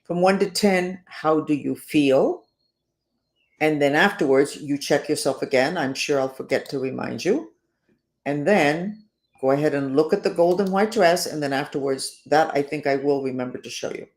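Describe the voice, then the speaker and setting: A woman's voice: sits low, moderate pace, darkish tone, echoey room. A woman hosting a self-help talk, rambling and sarcastic, with emphatic stresses. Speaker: host.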